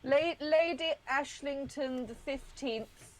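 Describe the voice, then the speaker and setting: Brief: high, giddy, flustered would-be noblewoman, played by a woman in a tabletop game. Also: slow pace, poor audio. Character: excitable young woman posing as a lady.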